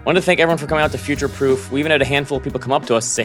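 A man hosting a casual finance podcast, talking in a quick, joking, conversational way and telling stories. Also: medium pitch, steady tone, fairly bright tone, faint music behind. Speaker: podcast host.

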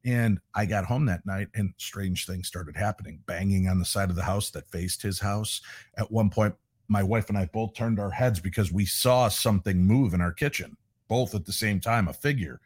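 Low-voiced middle-aged man telling stories. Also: normal speed, slightly rough, no echo, studio quality. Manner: animated storyteller who acts out quoted voices. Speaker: paranormal investigator guest. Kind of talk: casual interview storytelling.

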